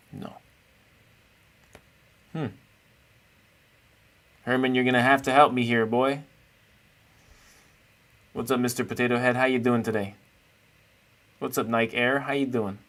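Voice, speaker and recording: A man's voice: medium pitch, a bit bright. A man streaming live, chatting casually and playfully with his viewers while he rates chess games. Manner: chatty, playful, thinks aloud while searching.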